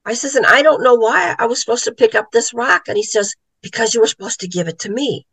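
A woman's voice: on the high side, quick pace, gravelly, a bit bright, slightly rough, no echo, rough recording. A middle-aged woman, an author and psychic medium, telling a story in a casual interview and acting out the voices she quotes.

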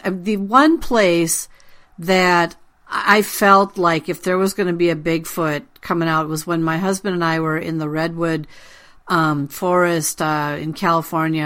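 A woman's voice: fairly low pitch, a bit bright. A woman hosting a casual interview, asking questions and slipping into her own stories. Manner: chatty, breaks into her own anecdotes. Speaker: interview host.

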